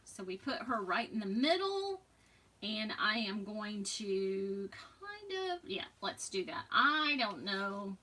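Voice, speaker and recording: A woman hosting a live crafting demonstration, chatty and trailing off, with soft muttered asides. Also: medium pitch, big pitch swings, slow pace, recorded from a distance. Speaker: crafting demo host.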